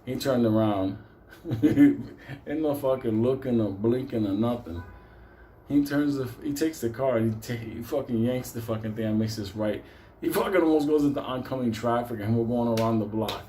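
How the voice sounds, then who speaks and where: A man's voice: medium pitch, normal speed, mellow, a little hiss or hum. A man telling a comic story casually, profane and laughing as he rambles.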